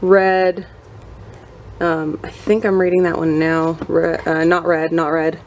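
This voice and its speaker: A young woman book vlogger chatting to camera at home among her bookshelves, self-mocking and quick to laugh. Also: sits low, level tone, darkish tone, slight background noise. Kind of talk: casual chat to camera. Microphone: camera mic.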